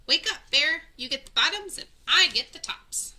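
A woman voicing a clever, cunning male hare in a storybook, calling out cheerfully and loudly. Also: mid-range voice, big pitch swings, unhurried, a little hiss or hum, full character voice. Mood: sly cheer.

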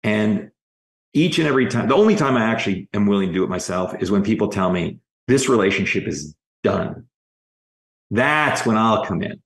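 Speaking at a normal speed in a lowish voice, a man who works as an executive coach shares stories during a podcast interview. He brings the anecdotes to life by re-enacting the quoted dialogue.

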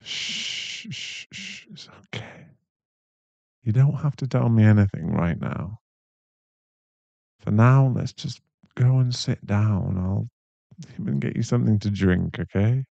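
A young man in a whispered role-play, voicing a caring, protective boyfriend who speaks softly and reassuringly, with a gravelly voice. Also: lowish voice, dry recording, muffled recording. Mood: soothing. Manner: soft, reassuring, slow-spoken. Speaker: ASMR voice actor.

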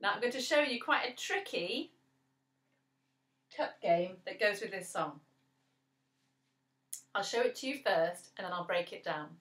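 An English woman teaching a children's music lesson, seated, in a slow, clear voice that counts out beats. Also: mid-range voice, animated, fairly bright tone, echoey room. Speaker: primary school music teacher. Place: at home, seated.

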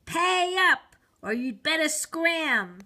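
Woman doing male street conjurer, gruff, threatening, slow, storybook. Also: sits high, very animated, bright, forceful tone, pitched above the performer's own voice, exaggerated voice.

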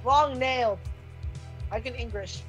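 A slightly high-pitched woman joins a let's play, reading character lines in a teasing, understated way. Faint game music sits under her voice. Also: measured pace, a bit bright. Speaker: co-player voicing characters. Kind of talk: let's play voice acting with friends.

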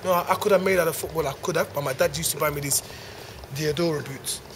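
A man's voice: on the high side, fast, a little hiss or hum. A man, a stand-up comedian riffing playfully and rambling through a promo to camera. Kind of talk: improvised comic promo to camera.

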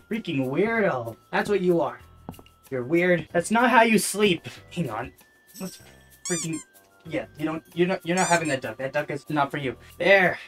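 A woman's voice: lowish voice, fairly bright tone. Bossy exasperated woman gaming in VR. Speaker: VTuber streamer. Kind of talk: casual VR gameplay commentary. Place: home room, playing standing in VR. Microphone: desk microphone close by.

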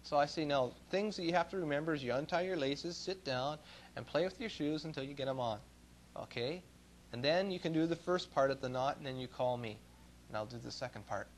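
A middle-aged Canadian man preaching in church, his voice sitting a little above the usual male range. He tells homey stories in a folksy way, pushing some words out loudly and dropping others to quiet asides. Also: fairly quick, a little hiss or hum. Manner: folksy storytelling, swings between loud emphasis and low asides. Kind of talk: sermon.

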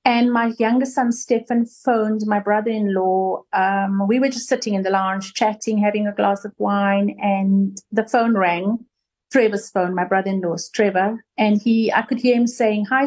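Emotional South African woman, higher voice. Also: darkish tone. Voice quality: halting, with many restarts. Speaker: interview guest. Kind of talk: emotional personal recollection.

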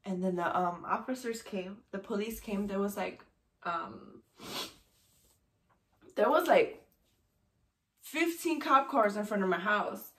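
A mother telling a personal story to camera, pausing often and restarting her sentences. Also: mid-range voice. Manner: halting, with many fillers and restarts.

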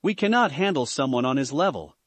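A man voicing a blunt, outspoken young devil woman who argues forcefully. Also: mid-range voice, lively intonation, brisk, dry recording, natural voice. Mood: insistent.

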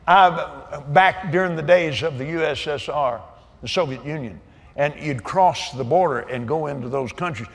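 Animated older preacher with a swooping voice. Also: male voice, fairly high pitch. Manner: animated, laughing storyteller with folksy asides. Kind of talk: sermon storytelling. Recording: echoey hall reverb.

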